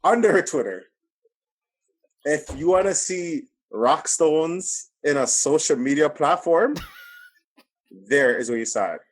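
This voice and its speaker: Emphatic young podcast host. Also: male voice, fairly high pitch, a little slow, pauses often. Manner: emphatic, repeats himself, animated. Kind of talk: casual chat.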